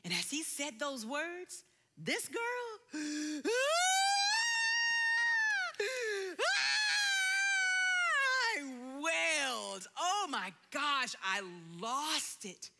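A woman, telling her own story in a church sermon and dropping to a soft hush at quiet moments. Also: high-pitched, very animated, slow pace, gravelly, hardly any pauses, a little hiss or hum. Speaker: preacher sharing testimony. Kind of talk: sermon testimony. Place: church sanctuary.

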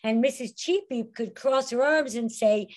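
Animated woman storyteller as podcast guest, expressive delivery, fairly high pitch. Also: normal speed. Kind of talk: lively podcast interview.

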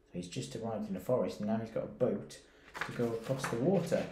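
A man, a primary school teacher reading a picture book aloud and stopping to ask his pupils gentle questions. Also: fairly low pitch, a little hiss or hum. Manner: gentle, questioning, reads slowly and pauses to ask. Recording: roomy echoey recording.

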